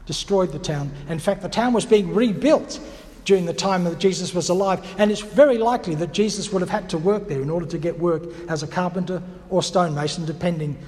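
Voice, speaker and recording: A man's voice: high voice, brisk, darkish tone, long reverb tail. A man preaching a sermon in a reflective, teacherly way, posing rhetorical questions to his listeners.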